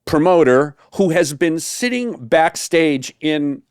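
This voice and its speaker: A man, a saxophone tutor, casually telling a story in an animated way with many fillers, acting out the quotes. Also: a little high, slow, clean tone, dry recording, clean studio sound.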